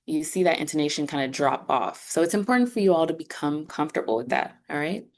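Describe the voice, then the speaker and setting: A woman with a low voice talks a class through the course setup, step by step. She keeps it casual and upbeat, as if chatting with students on a video call. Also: expressive, quick pace, a little hiss or hum. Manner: conversational, upbeat, explaining step by step. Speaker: instructor voice for a sign language course. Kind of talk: online class walkthrough.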